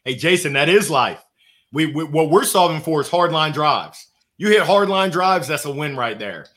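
A man guest, a motivational speaker and coach, telling stories in casual podcast talk, laughing often and jumping up in pitch for emphasis. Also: moderate pace. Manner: animated storyteller who laughs often and jumps in pitch for emphasis.

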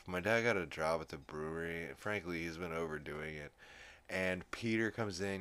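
A man's voice: low-pitched, a bit bright, clean tone, no echo. A man hosting a podcast, casually recapping a cartoon episode with lots of fillers and swearing. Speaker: podcast host.

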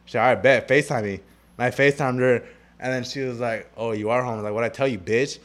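A man's voice: mid-range voice, fairly even intonation, fast talker, fairly bright tone. A young man co-hosting a podcast, telling rambling, profanity-heavy stories with friends in a small room. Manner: loose, profanity-heavy, rambling storytelling with restarts. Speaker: podcast co-host. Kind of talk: casual storytelling chat.

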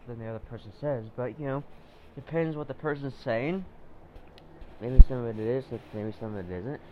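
A man's voice: medium pitch, muffled recording, slight background noise. A man hosting a solo podcast, ranting in a rambling, profane way, with lots of fillers and repeated phrases. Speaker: podcast host.

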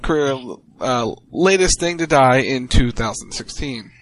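Guy co-hosting a radio show, dry close sound, mid pitch, casual. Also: expressive, unhurried, fairly bright tone, no echo, low-quality recording. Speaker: co-host of a wrestling radio show.

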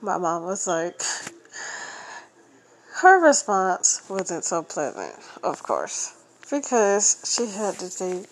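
Young woman with a cold, podcast host; slow, rambling, profane delivery. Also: fairly low pitch, very animated, slight background noise. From Florida. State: has a cold. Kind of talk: casual ranting monologue.

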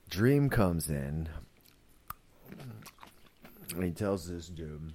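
Casual male podcaster with a deep voice, rambling, filler-heavy, profane recap. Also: expressive, very slow, pauses often, mellow, a little hiss or hum. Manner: rambling, full of "like" and "you know", swears freely. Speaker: podcast host reviewing a series.

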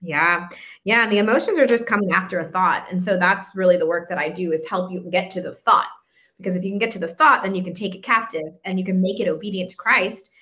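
A woman's voice: on the low side, quick pace, pushed and bright. A woman hosting a Christian podcast, speaking in an affirming, encouraging way about faith and emotions. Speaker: podcast host and Christian coach. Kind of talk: casual faith-based conversation.

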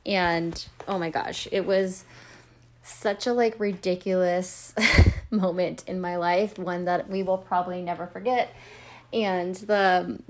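A woman's voice: lowish voice, steady tone, slow pace, darkish tone. A woman in her thirties hosting a podcast, telling stories in a chatty, self-deprecating way with lots of fillers. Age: 30s. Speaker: podcast host and coach. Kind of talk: casual chat.

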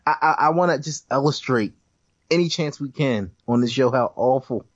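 A man's voice: mid-range voice, normal speed, dry recording. Laughing man on a dull, lo-fi line. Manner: laughing, mocking storyteller. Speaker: podcast co-host. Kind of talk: casual movie-review chat.

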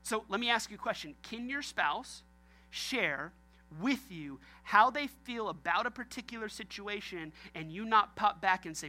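Bright-voiced joking pastor. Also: male voice, high-pitched, animated, moderate pace. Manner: joking, talks straight to the congregation. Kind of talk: sermon.

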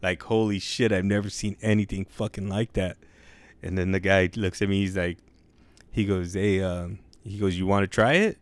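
A young man with a lowish voice spins a long crude joke in loose, profane slang. He stretches out key words as he builds the story. The sound is dry and close, with no room around it. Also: fairly even intonation, no room sound. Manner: profane, drawn-out slangy delivery. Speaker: joke teller.

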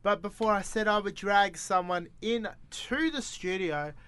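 A man's voice: sits high, moderate pace, pushed and bright, smooth, dry recording. A man with an Australian accent hosting breakfast radio, chatting in a playful, jokey way. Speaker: radio host.

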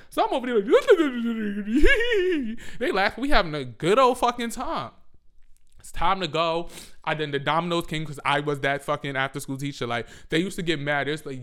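A young man tells a rambling, profane story in a casual vlog style, cracking himself up as he goes. His voice sits a little high and sounds smooth and clear. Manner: profane, animated, laughs often. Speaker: storyteller, former after-school teacher.

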